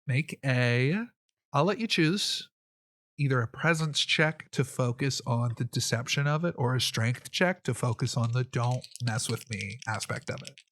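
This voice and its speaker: A game master narrates a tabletop game in a lively, amused way, talking as casually as he would in conversation. His voice is mid-pitched and his pace moderate, and the sound is dry and close with no room sound.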